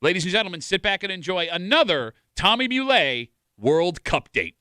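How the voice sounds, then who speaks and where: A male radio host tells stories in a chatty, incredulous way. His voice sits high and sounds crisp and bright. The studio sound is dry and close. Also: lively intonation, normal speed, no echo. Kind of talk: radio show banter. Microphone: studio mic.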